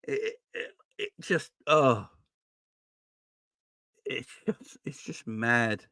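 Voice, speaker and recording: A man hosting a football fan channel, talking in an excitable, exasperated rant with plenty of swearing. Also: mid-range voice, takes it slowly, gravelly, dry recording, clean studio sound. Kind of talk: ranting casual vlog talk.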